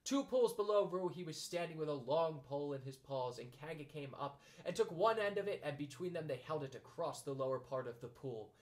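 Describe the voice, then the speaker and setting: A man's voice: on the high side, animated, a little fast, few pauses. A man reading a children's storybook aloud, narrating expressively.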